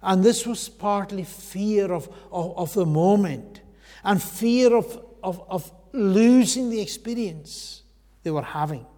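Male preacher, slightly high voice, earnest sermon delivery, long hall reverb. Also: slow. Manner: earnest, swells loud then drops to a hush.

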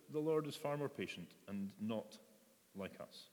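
With a lowish voice and a brisk pace, a man delivers a conversational church sermon, voicing the characters in his story's quotes. Long reverb from a large hall surrounds him.

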